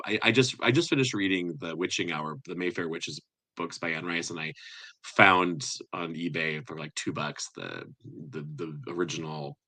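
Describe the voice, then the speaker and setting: A man from Montana, a theatre teacher, chatting as a guest in an animated way and laughing easily. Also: deep voice, moderate pace. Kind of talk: casual video chat.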